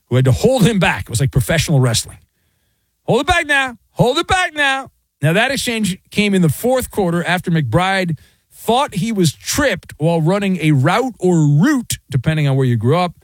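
A man's voice: a little high, no echo. A middle-aged man hosting a sports talk radio show, sarcastic and theatrical. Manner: sarcastic, theatrical, mocking voices.

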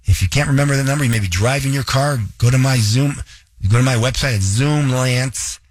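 Husky male radio host. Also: mid-range voice. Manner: direct, coaching, repeats numbers slowly. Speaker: radio show host, fitness coach. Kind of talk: radio talk with ad read.

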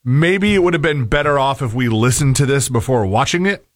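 A man's voice: medium pitch, expressive, fairly quick, no room sound, studio quality. A man co-hosting a talk radio show, chiming in with hesitant, stammering comments. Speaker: co-host. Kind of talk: casual talk radio banter.

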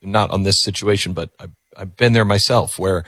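A man's voice: low-pitched, normal speed, a bit bright, dry recording. A man hosting a call-in radio talk show, earnest and reflective, often repeating words as he gathers his thoughts.

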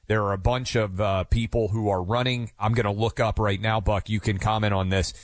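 Low-voiced explaining male co-host. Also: steady tone, no room sound. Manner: explanatory, thinking aloud with searching pauses. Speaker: talk show co-host. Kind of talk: casual conversational chat.

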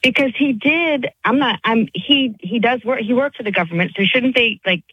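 A woman's voice: fairly high pitch, moderate pace, slightly rough, dry recording, narrow, tinny audio. A woman from Pennsylvania calling in to a radio show, earnest and searching for words. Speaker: caller.

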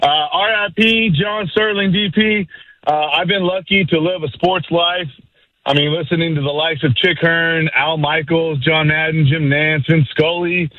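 A man's voice: on the high side, steady tone, a little slow, no room sound. A man calling in to a sports radio show, upbeat and slangy, heard over a phone line. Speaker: caller. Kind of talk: casual call-in chat.

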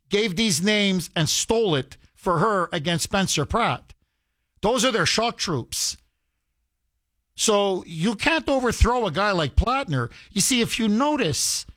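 A man with a notably high voice speaks as a political commentator, heated and emphatic. He circles back on his phrases to drive them home, stacking repetition on repetition. The sound is dry and close, with no room around it. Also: a bit bright, dry recording. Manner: emphatic, repeats phrases for effect.

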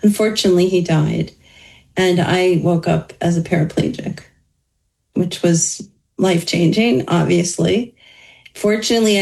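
A woman's voice: fairly low pitch, creaky, darkish tone, poor audio. A woman being interviewed as an author, telling her life story openly in a conversational way, with wry humor. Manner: candid, wry humor, talks through hardship plainly.

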